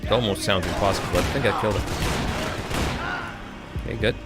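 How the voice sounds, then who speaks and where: A man streaming a game, chatty and excitable, laughing and reacting to the action. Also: on the low side, quick pace. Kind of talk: casual gameplay commentary. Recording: game music behind the voice.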